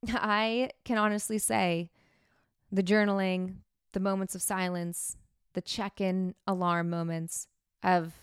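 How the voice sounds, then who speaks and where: A woman's voice: mid-range voice, flat delivery, takes it slowly, clean tone, no echo, clean studio sound. A woman hosting a podcast, talking frankly and chattily about herself in a candid self-help monologue. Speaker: podcast host.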